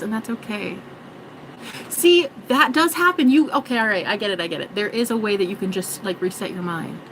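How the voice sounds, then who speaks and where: A woman's voice: on the high side, background noise. A woman vlogging in a rambling, joking monologue, swearing and mocking herself. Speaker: spiritual vlogger.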